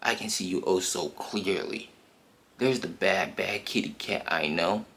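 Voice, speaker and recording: A man voices an unseen mastermind who taunts his prey slowly and coldly. The voice is low and gravelly, with quiet menace in each word. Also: exaggerated voice. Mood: taunting. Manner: slow, taunting.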